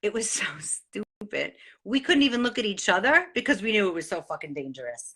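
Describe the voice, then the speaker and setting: An excitable middle-aged woman talks straight to her viewers, her voice bright and forward. She swears freely as she hands out life advice, and she does not hold back. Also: mid-range voice, fairly quick, few pauses, slightly rough. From New York. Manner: excitable, animated and profane. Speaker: host sharing life advice. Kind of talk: casual motivational monologue.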